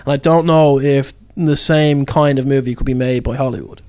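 A man talking casually on a film podcast, chatty and quick to laugh. His pitch sits mid-range for a man, and he often restarts his sentences as he thinks aloud. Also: fairly even intonation, a little mellow. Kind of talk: casual chat.

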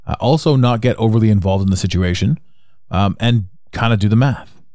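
A Canadian man runs a solo podcast where he rambles, repeats himself, and circles back on his points. He speaks fairly quickly in a lowish, mellow voice, recorded at studio quality with no echo.

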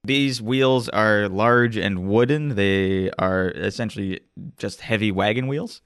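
A man game master narrating a tabletop game in a slow, descriptive way with pauses. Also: fairly low pitch, a bit bright, clean tone, no echo, studio quality.

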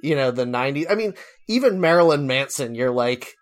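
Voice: medium pitch, expressive, brisk. A podcast co-host in casual comedic chat who rants, swears and breaks into laughter.

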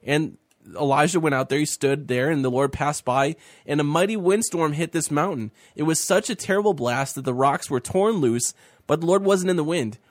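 A man's voice: a little high, moderate pace, no echo, clean studio sound. Man teaching Bible stories with feeling. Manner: animated, acting out the biblical speakers' lines. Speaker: co-host of a faith talk show.

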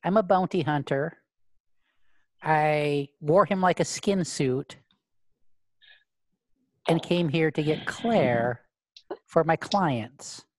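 A huge male bounty hunter in a tabletop game, creepy and oddly childlike, as a woman puts him on. He talks slowly in a lowish voice, halting as if he were weighing every word. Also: a little mellow. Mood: creepy calm.

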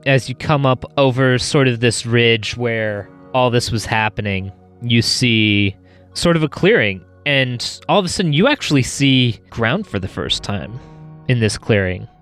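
A man narrating as game master of a tabletop role-playing game in a measured, descriptive way. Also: medium pitch, animated, a bit bright, soft background music.

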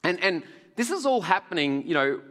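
A male pastor preaching a sermon to a live audience in an animated, joking way, laughing often. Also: high-pitched, normal speed. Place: large hall with audience. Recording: long hall reverb.

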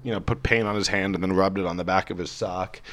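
A man's voice: low voice, fairly even intonation, fast, a bit bright, a little hiss or hum. A man on a podcast, chatting casually with dry teasing humor. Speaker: podcast guest. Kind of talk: casual chat.

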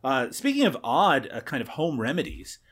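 A married man co-hosting a podcast, chatting in a dry, teasing way with many "uh" pauses. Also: mid-range voice, huge pitch swings, a bit bright, breathy edge. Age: adult, married. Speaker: podcast co-host. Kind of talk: casual chat.

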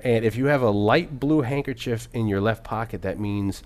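Male co-host, low-pitched, loose and profane, rambling film chat. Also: normal speed, background noise. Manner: rambling, profane, laughs often. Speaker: podcast co-host. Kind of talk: casual film discussion.

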